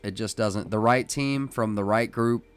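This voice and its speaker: A man hosting a casual live-stream podcast, who talks in an emphatic, rambling way with many restarts and works himself up into loud, excited rants. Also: on the low side, normal speed, smooth, faint music behind. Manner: rises into loud, excited ranting. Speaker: podcast host.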